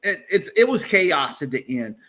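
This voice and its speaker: On the high side with big pitch swings and a sharp tone, this host talks at normal speed. He's running a laid-back live-stream chat on a video call, rambling, filling gaps with fillers, restarting sentences, and frequently laughing at himself.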